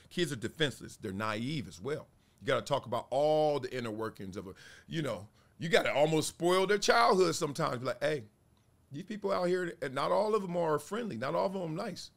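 A man in his forties hosting a casual commentary show, talking in an animated way and acting out little quotes. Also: a little high. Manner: animated, acts out voices and quotes. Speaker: show host.

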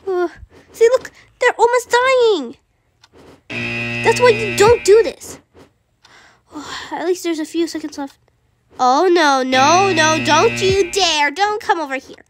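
A woman voicing Fluttershy, a timid gentle young female pony, talking through a video game and gasping at every fright. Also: extremely high pitch, expressive, slow pace, pauses often, over music, exaggerated voice. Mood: nervous. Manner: easily frightened, gasps and soft exclamations. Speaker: gamer. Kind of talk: playing a video game in character. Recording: constant background noise.

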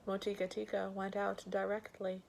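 A woman reading a bedtime story aloud slowly and gently, giving the characters light voices. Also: medium pitch, monotone, gravelly, slight background noise, low-quality recording.

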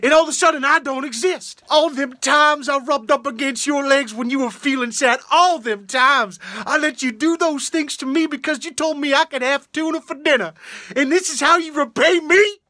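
A woman's voice: high-pitched, normal speed, sharp tone, no echo, clean studio sound. A woman voicing a jilted, indignant pet cat in a comedy sketch, scolding and sarcastic.

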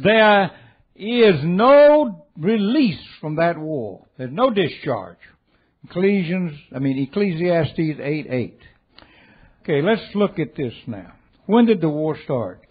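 An older man preaching a sermon, swinging between loud exhortation and quiet, low asides. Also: expressive, unhurried, slightly rough. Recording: tinny phone-like audio.

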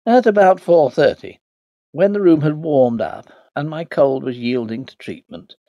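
A man reading a novel aloud as an audiobook narrator, in a measured, dry storytelling delivery. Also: mid-range voice, mellow, dry recording.

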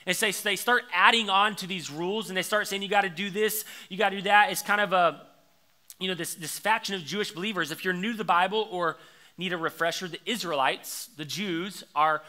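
Bright-voiced young male pastor preaching. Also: high-pitched, a little fast. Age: young adult. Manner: conversational preaching, rises to lively storytelling. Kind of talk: sermon.

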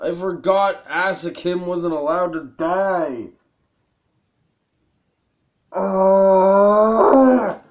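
A man's voice: sits high, lively intonation, slow, long pauses, lo-fi sound. A man angrily commenting on a video game he just lost, cursing and ranting at himself. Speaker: gameplay video host. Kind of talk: frustrated gameplay commentary.

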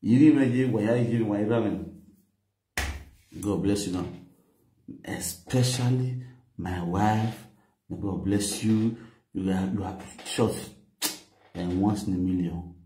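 Nigerian man, low and dark voice, excited live-stream chat, echoey room. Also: unhurried, pauses often. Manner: excited, thankful, mixes English with pidgin and Yoruba. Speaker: vlogger doing a daily live video.

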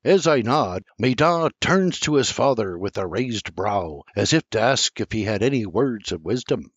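An older man narrates a first-person audiobook in a folksy, animated storytelling manner. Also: lowish voice, normal speed, breathy edge, no echo. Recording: dry, slightly muffled recording.

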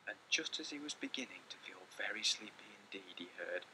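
A man reading a children's picture book aloud with lots of expression, often dropping into hushed whispers. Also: lowish voice, lively intonation, a little fast, slight background noise, rough recording. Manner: theatrical, slipping into hushed whispers. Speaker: storyteller.

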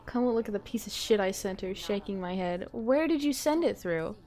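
A woman's voice: medium pitch, big pitch swings, unhurried, pauses often, a little mellow. A young adult woman streaming a game live, chatting casually, swearing freely and laughing often. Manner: giggly and profane, laughs often. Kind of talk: casual chat while gaming live.

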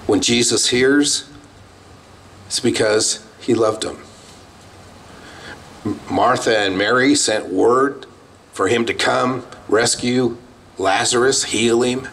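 A man's voice: lowish voice, a bit bright, a little hiss or hum. A man, a pastor, preaching a sermon in a plain, conversational way with bursts of emphasis. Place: outdoor drive-in church service.

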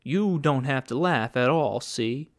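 A man's voice: medium pitch, animated, a little slow. A man voicing a talkative hired gunman who mocks and taunts as he speaks. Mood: taunting. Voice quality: sneering, mocking.

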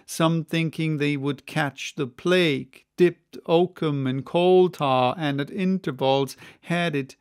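A man narrating an unabridged classic novel as an audiobook, reading in a measured, expressive way. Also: on the high side.

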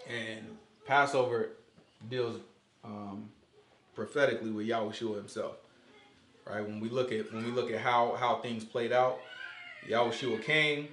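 A man teaching a casual Bible study in an animated way, quizzing his listeners and acting out dialogue. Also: medium pitch. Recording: echoey room.

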